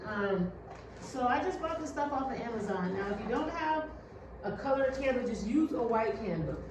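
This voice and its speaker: A woman's voice: a little high, expressive, normal speed. A woman giving a casual how-to chat to her viewers, loose and talkative, calling them "you guys". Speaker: spiritual vlogger. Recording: very echoey room, far from mic, noisy.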